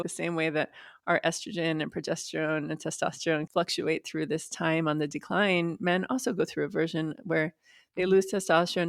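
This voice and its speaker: A woman's voice: lowish voice, creaky, dry recording, clean studio sound. A woman in her forties, a podcast guest, talking about women's health in an open, frank, matter-of-fact way. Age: 40s. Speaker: guest, perimenopause advocate. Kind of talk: podcast interview.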